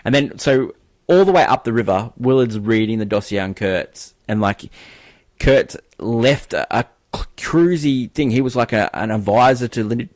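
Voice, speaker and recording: A man's voice: medium pitch, moderate pace, no echo. A man co-hosting a film review podcast, recapping scenes in a rambling, hesitant way full of fillers.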